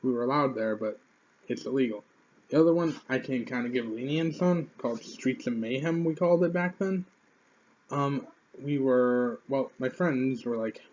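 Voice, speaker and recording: A man's voice: medium pitch, moderate pace, darkish tone, muffled recording. Young man telling a rambling profane story. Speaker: YouTuber. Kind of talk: casual storytelling to camera.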